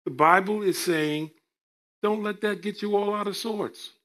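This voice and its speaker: High, slow, bright-voiced male preacher. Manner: emphatic, drawn-out preaching with joking asides. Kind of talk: sermon with scripture reading.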